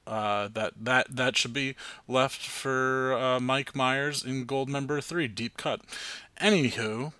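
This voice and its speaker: A man's voice: medium pitch, slow, bright, forceful tone, clean tone, no room sound. A man hosting a podcast in casual chat, rambling and poking fun at himself. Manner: rambling, self-mocking. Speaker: podcast host.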